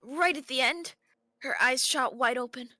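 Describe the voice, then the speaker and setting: A woman narrating scene events in a fan dub, loud and breathless. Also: high-pitched, normal speed, no echo, pitched above the performer's own voice. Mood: dramatic.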